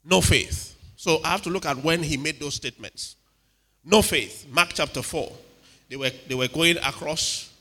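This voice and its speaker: A man preaching a sermon with animated delivery, acting out quotes and checking in with the congregation. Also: fairly high pitch, normal speed. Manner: animated, dramatic, acts out quotes, asks the crowd "are you with me". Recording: reverberant hall.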